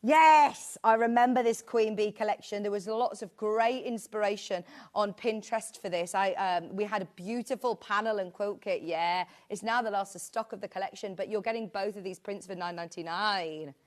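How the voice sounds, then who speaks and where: A woman's voice: mid-range voice, moderate pace, few pauses. A British woman presenting a live shopping show, chatting in a rambling, friendly way with asides. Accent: British English. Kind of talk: live sales chat.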